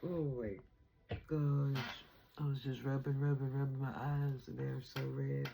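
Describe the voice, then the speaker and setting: Tearful woman with a gravelly, mellow voice. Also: a bass voice, little pitch movement, a little slow, slight background noise, rough recording. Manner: tearful, emotional, casual slang. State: teary, on the verge of crying. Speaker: vlogger. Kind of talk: emotional spiritual vlog chat.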